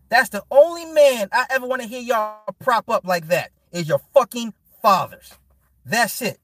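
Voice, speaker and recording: A man with a somewhat high voice delivers a heated, swearing monologue. He lectures his listeners, dipping into low mutters before pushing back up into loud, insistent rants. The sound is close and dry, with no room echo. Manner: profane, heated and preachy, swings from low mutter to loud rant. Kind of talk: unscripted monologue.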